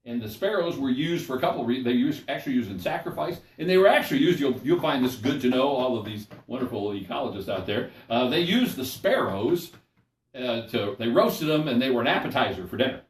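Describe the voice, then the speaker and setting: A man's voice: medium pitch, animated, fairly quick. An older man and pastor leading a Bible study sermon in a folksy, conversational way, often checking in with his listeners. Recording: echoey room, mic at a distance.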